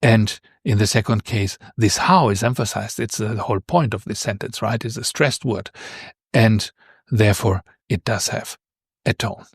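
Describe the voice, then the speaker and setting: A male language teacher giving a patient beginner lesson, explaining with examples, repeating each word slowly and often checking in with "right?". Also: on the low side, husky, no echo, studio quality.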